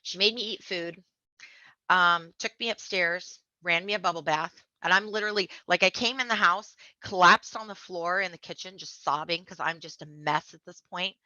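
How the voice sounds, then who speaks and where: A woman guest on a podcast telling her personal story in a casual, animated way, acting out the other people in it. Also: lowish voice, normal speed, no room sound. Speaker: podcast guest, memoir author. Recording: dull lo-fi dry sound.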